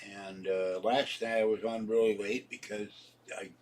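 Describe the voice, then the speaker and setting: A man in his seventies, sick and hoarse, rambling casually to his viewers about his day and laughing at his own jokes. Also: on the low side, level tone, a little slow, distant mic. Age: 70s. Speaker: vlogger. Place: home.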